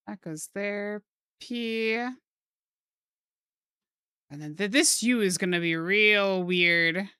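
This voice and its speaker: A woman's voice: mid-range voice, takes it slowly, pauses often, sharp tone, clear, resonant tone, no room sound, clean studio sound. A playful young woman chatting casually and joking while she draws on stream. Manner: playful, goofy wordplay and silly put-on phrases. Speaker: streamer drawing live. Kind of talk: casual chat while drawing.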